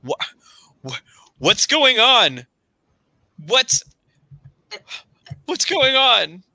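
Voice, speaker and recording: A man voicing a terrified young male camper who pleads and shouts in a tabletop horror game. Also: very high voice, very animated, extremely slow, creaky, no room sound, pitched above the performer's own voice, heavily acted. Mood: panicked. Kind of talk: tabletop horror role-play.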